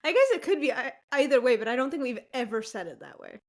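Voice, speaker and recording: A woman co-hosting a casual podcast, teasing her friend with dry corrections. Her voice sits a little high and stays relaxed and conversational. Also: fast talker, crowd noise. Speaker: podcast co-host. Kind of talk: casual chat.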